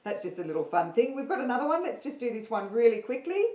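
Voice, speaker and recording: A woman's voice: on the high side, big pitch swings, fast, dark tone, roomy sound. A woman teaching an online singing lesson, upbeat and counting her students in.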